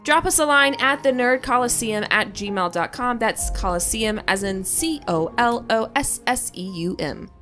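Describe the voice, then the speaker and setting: Bright lively woman podcaster, giggles through flubs. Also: on the high side, moderate pace, hardly any pauses, soft background music. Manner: giggly, corrects herself. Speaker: podcast co-host. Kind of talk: podcast outtakes, casual chat.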